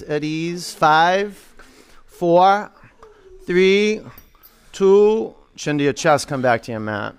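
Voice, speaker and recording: A man's voice: on the high side, very animated, slow, pauses often, clear, resonant tone. A man leading a live yoga class, calling out poses, counting down holds and teasing and joking with his students in a studio. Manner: coaching, counts aloud, jokes and teases the class. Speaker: yoga instructor.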